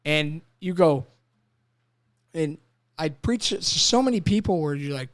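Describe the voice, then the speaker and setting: Clean studio sound with no room tone carries a fairly high male voice that moves a little slowly, with long pauses. The speaker is a Marine veteran and podcast host in his thirties, chatting casually, emotionally and profanely while acting out small scenes.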